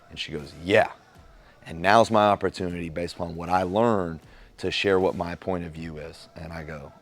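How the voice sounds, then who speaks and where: A man giving a casual motivational talk on relationships, acting out little dialogues and softening his tone for the caring lines. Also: sits low, normal speed. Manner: animated storyteller acting out quoted dialogue.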